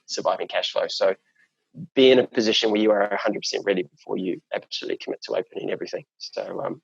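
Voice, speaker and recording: A man's voice: lowish voice, fast talker, vocal fry, husky, dry recording, muffled recording. A man from New Zealand with a New Zealand accent, chatting as an interview guest in a rambling way, full of fillers and restarts. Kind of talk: casual chat.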